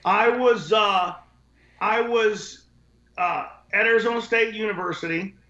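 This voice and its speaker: A man's voice: sits high, a little slow, sharp tone. A man telling casual stories as a podcast guest, blunt and profane, rambling from one point to the next. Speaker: podcast guest, window cleaning business owner. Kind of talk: casual storytelling. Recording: echoey, dull lo-fi sound.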